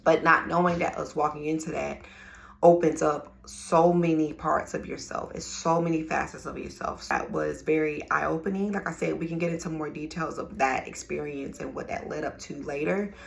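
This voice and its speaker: A woman's voice: sits low, steady tone, normal speed, vocal fry. A young adult woman giving an emphatic, preachy spiritual talk in a casual, repetitive way. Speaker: spiritual vlogger. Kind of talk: inspirational monologue.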